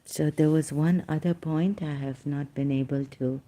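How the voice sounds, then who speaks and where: A man from Pakistan in a solo live-stream monologue, speaking slowly and haltingly with many hesitations, sometimes dropping to a soft whisper. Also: a little high, fairly even intonation. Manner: slow, halting, with many hesitations and trailing asides.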